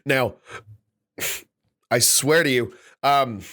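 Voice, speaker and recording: A man's voice: medium pitch, big pitch swings, moderate pace, fairly bright tone. A man co-hosting a casual comedy podcast, reading out product blurbs with mock outrage and jokes. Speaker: podcast co-host.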